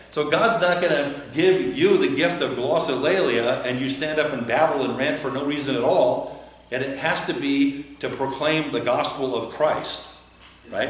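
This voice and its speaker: A man's voice: fairly high pitch, fairly bright tone. A male pastor giving a chatty, joking sermon, often putting questions to the listeners. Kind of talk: conversational sermon. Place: church. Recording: very echoey church.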